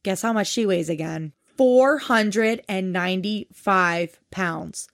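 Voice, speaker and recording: A woman's voice: medium pitch, slow. A woman co-hosting a podcast, recapping a TV episode in casual chat, exasperated and swearing often. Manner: exasperated, swears a lot, animated. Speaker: podcast co-host.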